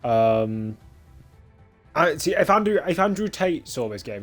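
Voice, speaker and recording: A man's voice: a little high, sing-song, a little slow, soft background music. A young man casually commentating a sim racing stream, rambling with lots of filler and cheeky, crude jokes.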